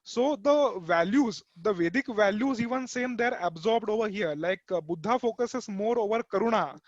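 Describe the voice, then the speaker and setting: A man's voice: sits high, lively intonation, normal speed, no room sound, lo-fi sound. A man in a casual group discussion, adding a point with hesitant fillers while listing terms. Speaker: discussion participant.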